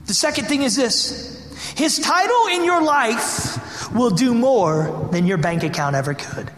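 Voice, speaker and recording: A man preaching a sermon with a high, ringing voice that bounces around a large echoing hall. He drives his points home with emphatic, impassioned phrasing and keeps asking the congregation questions. The long reverb trails behind every line. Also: fairly bright tone. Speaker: pastor.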